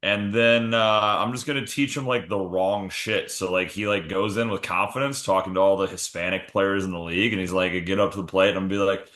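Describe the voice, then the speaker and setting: A man's voice: low voice, fairly even intonation, brisk, hardly any pauses, fairly bright tone, echoey room. A man co-hosting a casual comedy sports podcast, swearing freely and spinning silly hypotheticals. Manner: jokey, profane, acts out bits in goofy voices. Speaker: podcast co-host.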